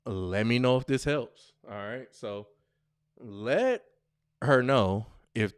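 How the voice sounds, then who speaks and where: A man hosting his own podcast speaks in at a slow, unhurried pace. His pitch swings widely as he jokes and reads lines aloud in mock voices. The sound is dry, with no room echo. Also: smooth. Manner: loose, joking, reads lines off a screen with animated mock voices. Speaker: podcast host. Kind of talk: casual solo podcast chat.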